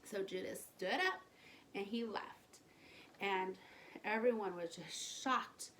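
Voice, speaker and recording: Animated woman telling a children's story. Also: medium pitch, slow, a little hiss or hum. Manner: animated, sing-song, asks the listener questions.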